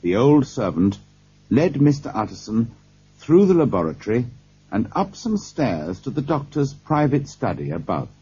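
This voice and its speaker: A man narrating an audiobook in a slow, deliberate storytelling manner. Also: medium pitch, big pitch swings, warm tone, breathy edge. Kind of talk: scripted narration. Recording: dull lo-fi cassette tape.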